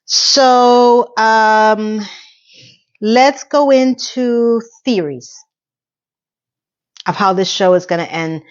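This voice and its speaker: A middle-aged woman talks through a TV episode in a loose, chatty recap, her voice jumping up in pitch when something moves her. The sound is a little dull and muffled. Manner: chatty and emotional, with quick rises in pitch. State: tearful. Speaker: TV recap vlogger. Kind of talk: casual solo recap.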